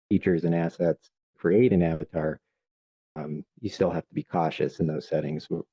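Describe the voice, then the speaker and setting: A man on a panel discussing education privacy law, careful and measured, with frequent ums. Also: sits low, vocal fry, husky, dry recording, lo-fi sound.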